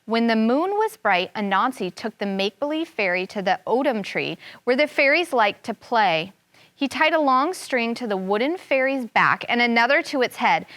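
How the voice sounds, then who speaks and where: A woman's voice: on the high side, very animated, moderate pace, a bit bright, no echo. A woman teacher reading a folk tale aloud to children, stopping to explain words and voicing the sound effects with expression. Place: classroom studio.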